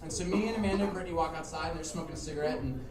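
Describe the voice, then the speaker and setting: A man's voice: fairly high pitch, rapid-fire, recorded from a distance, a crowd in the background. A man telling a rambling, profane story on stage at a live show, laughing along as he goes. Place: small music bar, live show. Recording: echoey live club, mic heard from afar. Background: band music.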